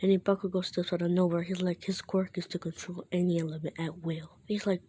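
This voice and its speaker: A woman's voice: fairly low pitch, level tone, brisk, few pauses, dark tone, breathy edge. A woman casually retelling a made-up story in a rambling, chatty way, with lots of "he's like".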